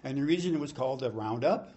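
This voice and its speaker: A man's voice: mid-range voice, animated, fast, warm tone, highs cut off. Joking, swearing man. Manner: joking, profane, rambling. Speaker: main speaker sharing his story. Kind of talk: recovery-meeting share. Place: convention hall.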